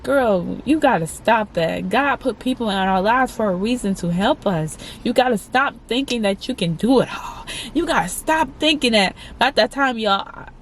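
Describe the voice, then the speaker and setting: A woman in her twenties telling a candid personal story to her viewers, chatty and halting, often calling them "y'all". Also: on the high side, a little hiss or hum. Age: 20s. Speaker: vlogger.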